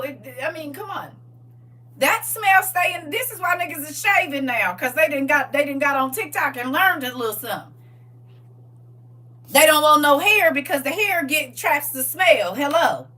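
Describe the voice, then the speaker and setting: A woman hosting a livestream, talking in a casual, preachy, comic way, animated, laughing and teasing. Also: high voice, normal speed, recorded from a distance. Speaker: livestream host.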